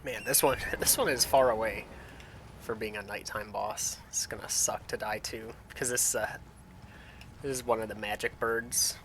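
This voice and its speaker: A man's voice: on the low side, fairly even intonation, moderate pace, noisy background. A man streaming a video game, chatting loosely with his viewers as he plays, his voice slightly nasal from a runny nose. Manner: loose and rambling, thinks aloud with restarts, reads and answers chat. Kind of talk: casual live-stream chat, talking to viewers while playing.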